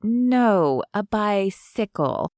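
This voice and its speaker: A woman's voice: mid-range voice, lively intonation, extremely slow, darkish tone, no echo, studio quality. A woman voicing a wry friendly young Southern woman.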